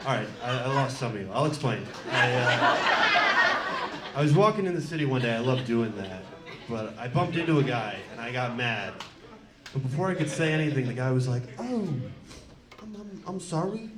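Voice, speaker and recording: A man's voice: mid-range voice, animated. Awkward young man doing stand-up. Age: around 20. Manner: awkward, self-deprecating, halting with many "uh"s. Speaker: stand-up comedian. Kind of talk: stand-up comedy set. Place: comedy club stage before a laughing crowd. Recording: echoey club with loud crowd laughter.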